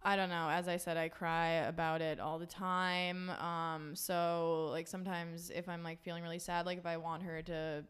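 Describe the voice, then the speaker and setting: A woman's voice: on the low side, flat delivery, moderate pace, hardly any pauses, fairly bright tone, smooth. A woman co-hosting a podcast, talking candidly in casual chat, swearing freely and laughing easily. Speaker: podcast co-host.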